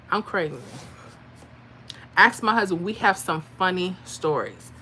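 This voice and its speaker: A middle-aged woman hosts a casual live stream, chatting and telling stories in an animated way with frequent laughter. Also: mid-range voice, moderate pace, a little hiss or hum. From Florida. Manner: animated, chatty, laughs often, acts out voices. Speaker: livestream host.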